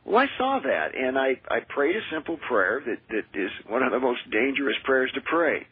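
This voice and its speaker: A man who is a minister and exorcist, telling his experiences in an earnest, measured way as a radio interview guest. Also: medium pitch, sing-song, husky, no room sound. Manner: earnest, measured, with frequent restarts. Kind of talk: radio interview, personal storytelling. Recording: tinny dry phone line.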